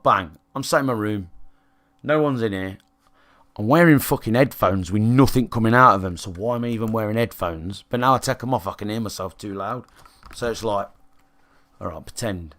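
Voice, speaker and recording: Blunt, sweary streamer. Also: male voice, mid-range voice, fairly bright tone. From England. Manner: blunt and sweary, rambling with restarts and fillers. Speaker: game streamer. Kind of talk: casual rambling chat to a live stream. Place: his own room, alone.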